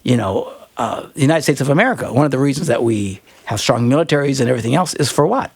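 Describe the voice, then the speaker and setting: A man's voice: mid-range voice, animated, fast talker, gravelly, breathy edge, dry recording. A middle-aged man hosting a radio advice show, rambling and joking and laughing often. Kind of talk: call-in advice show banter.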